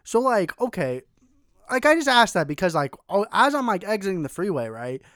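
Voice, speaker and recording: A young man telling a profane, animated road-rage story in casual podcast chat. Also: sits high, brisk, no room sound, clean studio sound. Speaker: podcast co-host. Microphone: desk mic, tilted.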